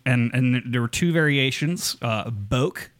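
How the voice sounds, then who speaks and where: A man's voice: medium pitch, a little slow, a bit bright. A man co-hosting a podcast, trading crude jokes in casual chat. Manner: joking, crude banter. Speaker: podcast co-host.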